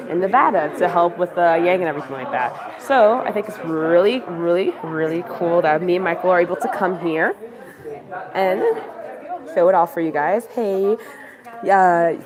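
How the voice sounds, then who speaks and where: Chatty woman livestreaming from a busy office. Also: fairly low pitch. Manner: chatty, rambling, lots of "like" and "you know". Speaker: livestreamer at a campaign meeting. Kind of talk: casual livestream chat. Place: busy campaign office indoors. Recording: crowd chatter behind.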